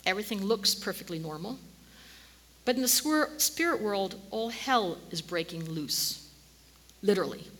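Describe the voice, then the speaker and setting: A woman preaching a sermon, telling the story in an animated way and sometimes dropping to a near-whisper. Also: medium pitch, moderate pace, slightly rough. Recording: long hall reverb.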